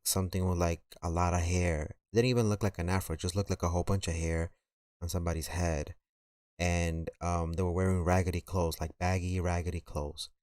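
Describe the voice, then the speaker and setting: Deep-voiced New man telling a story. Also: a little mellow, no room sound, clean studio sound. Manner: rambling, filler-heavy, slangy. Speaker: streamer. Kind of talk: casual storytelling on a live stream.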